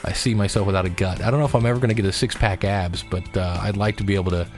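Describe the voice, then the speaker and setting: A man's voice: on the low side, fairly even intonation, racing, music in the background. Chatty man giving a weight-loss pep talk. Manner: rambling with frequent restarts. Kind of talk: casual personal vlog.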